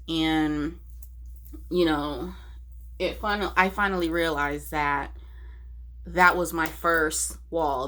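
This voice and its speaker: Slow, low-voiced woman confiding on camera. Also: a bit bright. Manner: emotional, halting, many restarts. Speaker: vlogger. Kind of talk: candid personal vlog.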